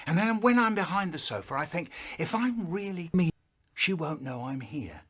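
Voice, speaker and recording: A man telling a comic childhood story in an animated, playful way, with stuttered sound effects. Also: a little high, moderate pace, husky.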